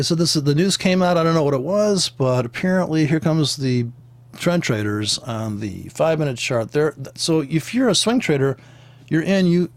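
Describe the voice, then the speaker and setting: A man's voice: a little high, no echo. A man rambling through casual, joking commentary on forex trading, swearing freely and wandering off into tangents. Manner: profane, joking, tangent-prone, with laughs and sound imitations.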